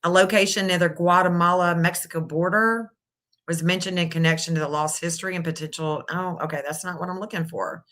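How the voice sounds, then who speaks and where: A woman's voice: fairly low pitch, fairly even intonation, brisk, a bit bright. A middle-aged woman hosting a casual live stream, thinking aloud and reading out searches as she goes. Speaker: live stream astrology reader.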